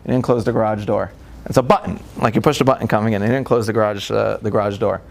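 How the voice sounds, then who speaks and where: A man's voice: lowish voice, quick pace, vocal fry. A man, a rabbi giving a humorous lecture, telling family stories and acting out the dialogue with lots of laughter. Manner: animated storytelling, acts out dialogue, frequent laughter.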